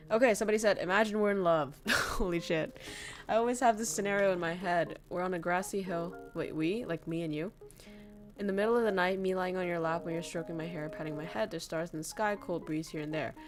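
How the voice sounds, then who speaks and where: A woman's voice: on the low side, fairly quick, faint music behind. A young woman from northern Vietnam, candidly chatting with viewers as a streamer, swearing freely and laughing often. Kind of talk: casual chat reading viewer messages.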